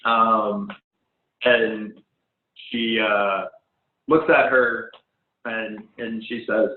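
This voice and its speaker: A man's voice: on the low side, steady tone, drawn-out words, pauses often. A man running a tabletop game as game master, describing scenes in a hesitant way full of ums, over an online voice call. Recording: phone-like online call audio, echoey room.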